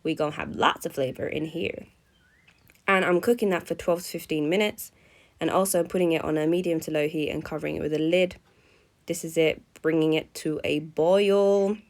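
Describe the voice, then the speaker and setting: A woman's voice: low-pitched, fairly even intonation, brisk. A young woman, chatting through a cooking vlog in a playful, self-mocking way. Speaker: vlogger.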